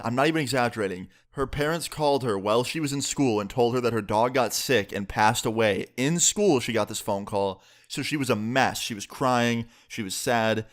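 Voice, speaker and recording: A young man telling a profane storytime about school, with sudden jumps in pitch. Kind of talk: casual storytime.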